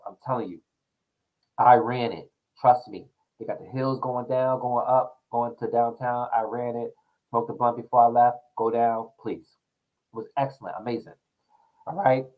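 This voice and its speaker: A young man hosts his own show, talking straight through the news and his own stories with loose, rambling energy. His voice sits at an ordinary middle pitch, and he jumps between topics in a casual, chatty way. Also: phone-quality sound. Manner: rambling, animated storytelling with laughs. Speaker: talk show host. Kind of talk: casual commentary monologue.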